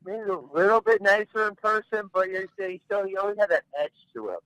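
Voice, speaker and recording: A man's voice: high-pitched, fairly quick, bright, forceful tone, clear, resonant tone, no echo, poor audio. A man talking bluntly as a podcast guest, rambling and restarting his sentences in casual chat. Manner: blunt, rambling, repeats words when starting.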